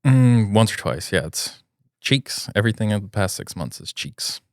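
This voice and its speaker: A young man with a very deep voice co-hosts a casual podcast. He complains in an exasperated way and fills his talk with "like". The sound is dry and close to the mic. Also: animated, normal speed, no echo. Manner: exasperated, complaining, lots of filler likes. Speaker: podcast co-host. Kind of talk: casual chat.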